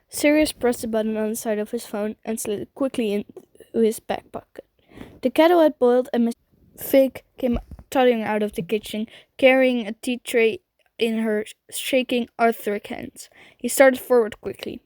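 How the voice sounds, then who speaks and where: A woman reading a fan audiobook at home, casual and a touch nervous. Her voice sits fairly high and sounds close and dry. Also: normal speed, darkish tone, no room sound. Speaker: podfic reader. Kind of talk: amateur fanfiction audiobook.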